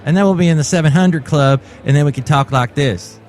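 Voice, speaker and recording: A man's voice: fairly high pitch, brisk, a little mellow, soft background music. A man in his forties hosting a comic solo podcast, telling stories in a wry, jokey way. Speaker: podcast host.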